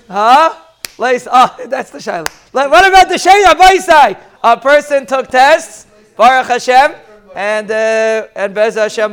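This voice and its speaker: A man's voice: very high-pitched, clean tone. A man giving a live Talmud class, joking the students and calling on them by name. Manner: lively, joking asides to students, mixes Hebrew and Aramaic. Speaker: Talmud teacher.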